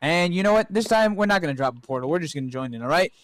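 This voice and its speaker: A man's voice: on the high side, animated, rapid-fire, fairly bright tone, no echo, rough recording. A man streaming as a VTuber, chatting casually and joking around with his viewers. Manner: playful, joking, swears freely. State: out of breath. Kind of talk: casual live stream chat.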